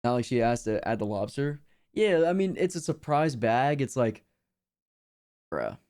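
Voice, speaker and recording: A young man chatting on a live stream, slangy and laid-back, drifting through his thoughts with plenty of fillers. His voice is mellow and dark, sitting at an ordinary middle pitch. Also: sing-song, measured pace, smooth. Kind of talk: casual reaction chat.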